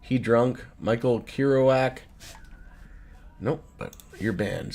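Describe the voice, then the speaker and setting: A streamer in his thirties reads his chat aloud slowly, his medium-pitched voice a little mellow. Casual and profane, he laughs often and moves back and forth between jokes and irritation.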